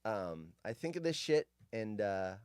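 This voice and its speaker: A man's voice: fairly low pitch, very animated, measured pace, darkish tone, clean tone, no echo, studio quality. A man in his fifties from California, hosting a show and telling rambling, nostalgic stories full of tangents. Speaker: show host. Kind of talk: casual rambling monologue.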